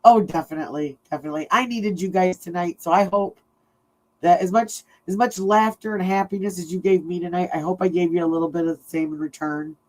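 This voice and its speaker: A woman's voice: lowish voice, steady tone, a little fast, poor audio. A middle-aged woman hosting a true crime livestream, chatting casually and laughing often as she tells stories.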